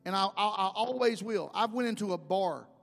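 A man's voice: high voice, expressive, moderate pace, creaky. A man preaching a sermon as pastor, telling folksy stories with emphasis. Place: church sanctuary. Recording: long hall reverb, faint music.

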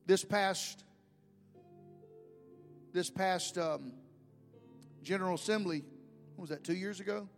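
A man's voice: sits high, takes it slowly, vocal fry, long pauses. A man preaching a sermon as pastor, telling folksy stories with emphasis. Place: church sanctuary. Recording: long hall reverb, faint music.

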